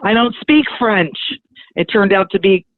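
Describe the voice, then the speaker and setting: Middle-aged woman, spiritual medium, lively storyteller, acts out dialogue, thin phone-like sound, dry. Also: medium pitch, measured pace, no room sound. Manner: lively, chatty, acts out the dialogue in her stories. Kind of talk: animated personal storytelling.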